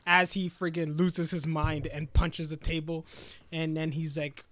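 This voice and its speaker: Young man recapping anime, high voice. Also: measured pace, dry recording. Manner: animated retelling with slangy voiced quotes. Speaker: podcast co-host. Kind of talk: casual podcast chat, recapping an anime episode.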